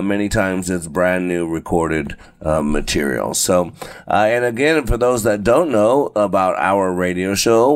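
A man hosting a motivational radio show, talking conversationally with lots of "uh" and "right?", slowing down to stress key phrases. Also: lowish voice. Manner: conversational, fillers and frequent tag "right?". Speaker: radio and podcast host. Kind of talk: motivational talk show monologue.

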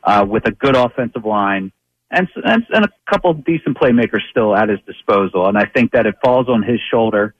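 A man on as a guest sports reporter, giving measured football analysis, often pausing on fillers and restarting sentences. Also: on the low side, lively intonation, dry recording, muffled recording.

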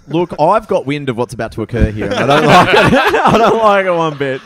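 Animated man telling a story. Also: fairly high pitch, normal speed. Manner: animated storytelling, laughs often. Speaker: comedian podcast guest. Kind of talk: casual chat.

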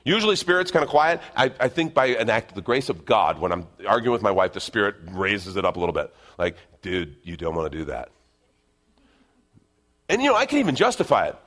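A middle-aged man, a pastor, preaching a conversational sermon, going from loud emphatic bursts down to hushed, quiet asides. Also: mid-range voice, wildly swooping pitch, fast, hardly any pauses.

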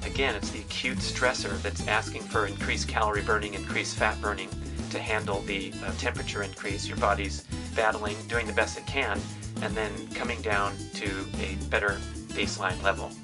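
A man's voice: on the low side, flat delivery, normal speed. A man hosting a podcast, explaining steadily and informatively. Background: clear music bed.

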